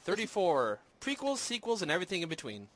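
This Minnesota podcast host chats about films and games from home, wandering off topic, putting himself down, and filling gaps with fillers. He talks quickly in a high, fairly bright voice whose pitch swoops wildly.

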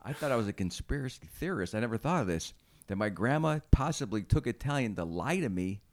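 This is a man riffing on a casual comedy podcast, cursing and wandering from one joke to the next. His pitch moves around a lot and stays animated. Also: fast. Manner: rambling, joking, swearing. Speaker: podcast co-host.

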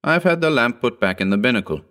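A man voicing a blunt, wary fisherman on a schooner who talks in gruff sailor's speech. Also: medium pitch, animated, fast talker, fairly bright tone, voice pushed up, lightly acted.

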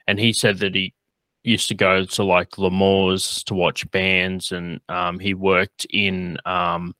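A man's voice: low voice, flat delivery, takes it slowly, pushed and bright, no room sound. A man hosting a podcast in casual chat, rambling with lots of fillers and frequent laughs. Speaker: podcast host.

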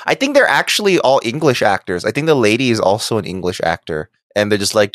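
A man's voice: on the low side, sing-song, fast, a bit bright, dry recording, studio quality. A man co-hosting a podcast in casual chat, often laughing and chiming in with jokes. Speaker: podcast co-host. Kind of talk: casual chat recapping an episode.

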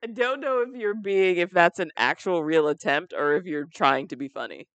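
A man's voice: sits high, expressive, normal speed, fairly bright tone, clean tone, dry recording. An American man co-hosting a podcast, chatting casually, often restarting and trailing off. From United States. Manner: chatty, laughs a lot, trails off mid-sentence. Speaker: podcast co-host. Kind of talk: casual banter.

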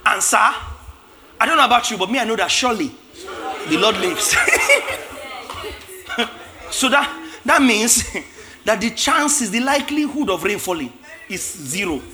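A man preaching a lively sermon, acting out biblical characters with shouts and laughs. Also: sits high, a little slow, pauses often, crowd noise.

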